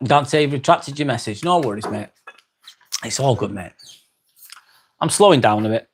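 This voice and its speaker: A man with an East Lancashire accent hosts a live stream in a relaxed, unhurried way. His voice sits at an ordinary middle pitch. He reads out viewer comments and answers them with friendly, easygoing warmth. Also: a little hiss or hum. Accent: East Lancashire English. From North West England. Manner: calm, unhurried, winding down, calls people mate.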